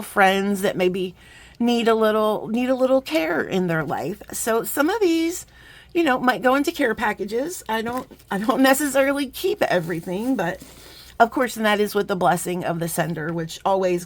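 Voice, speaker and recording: A middle-aged woman chatting casually as she unboxes beading supplies, rambling, warm-hearted and quick to get emotional. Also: mid-range voice, gravelly. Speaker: beading vlogger.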